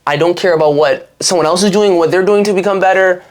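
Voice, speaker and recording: A man's voice: sits high, fast. A young man co-hosting a podcast, talking in a rambling, casual way with restarts and offhand swearing. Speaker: podcast co-host. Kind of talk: casual chat.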